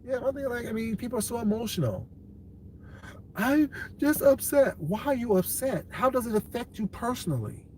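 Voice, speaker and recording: A man's voice: very high-pitched, big pitch swings, fast, hardly any pauses, darkish tone, slight background noise. A man hosting a casual livestream, answering his viewers' comments in a blunt, dismissive way and calling them baby. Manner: laughs often, talks back to chat.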